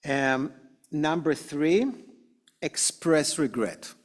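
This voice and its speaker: A middle-aged man teaching an adult class in a synagogue classroom, animated and acting out quoted excuses. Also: a little high, very slow. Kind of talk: classroom lecture.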